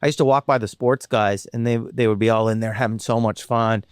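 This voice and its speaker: A man's voice: mid-range voice, steady tone, smooth, no echo, studio quality. A man from Canada, a comedian and former radio host, telling stories in a casual, rambling, self-mocking way. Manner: chatty, rambling, self-mocking, quick restarts. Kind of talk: casual interview storytelling.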